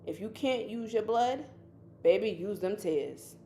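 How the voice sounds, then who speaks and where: A woman's voice: medium pitch, animated, a little slow, mellow, slight background noise. Chatty woman hosting a spiritual livestream. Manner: chatty and colloquial, calls listeners baby. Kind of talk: casual livestream teaching.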